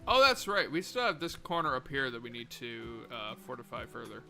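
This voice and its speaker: A young man streaming a colony game live, muttering to himself, swearing and breaking into sudden excited outbursts. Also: medium pitch, fairly quick, gravelly, faint music behind. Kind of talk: live gameplay commentary.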